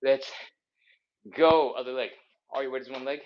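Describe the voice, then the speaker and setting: A man's voice: medium pitch, steady tone, normal speed, dull audio. A man leading a live stretching workout, counting reps aloud while he exercises, a bit out of breath. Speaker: fitness instructor. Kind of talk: live mobility workout instruction.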